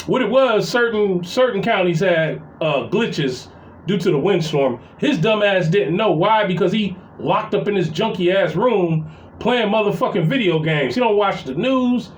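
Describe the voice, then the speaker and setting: A man's voice: high-pitched, lively intonation, normal speed, a little hiss or hum, low-quality recording. A middle-aged man talking straight to his audience in a casual venting monologue, heated and full of profanity as he tells a family story. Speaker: vlogger.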